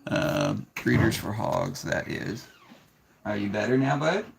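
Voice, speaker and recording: A man with a gravelly, creaky voice chats casually on a live stream. He gives plainspoken, frank advice to viewers, and he talks to his young son in a gentle, patient way. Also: fairly low pitch, lively intonation, a little slow, a little hiss or hum. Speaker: snake breeder hosting a live stream.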